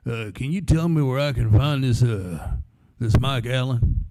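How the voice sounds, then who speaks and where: A man acting out a giant good old boy from rural Texas, who calls out loud and low from a step back in a drawling, halting way. He drops his own pitch for it. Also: no room sound, close to an everyday voice.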